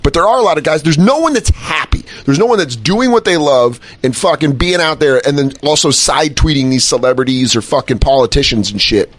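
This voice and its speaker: A man co-hosting a podcast, talking in a lively, swinging voice that sits a little high. He swears freely and slips into the voices of the people he quotes. The sound is dry and close to the mic. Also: brisk, few pauses, dry recording. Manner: animated, swears a lot, acts out quoted voices. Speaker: podcast co-host. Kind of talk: casual chat.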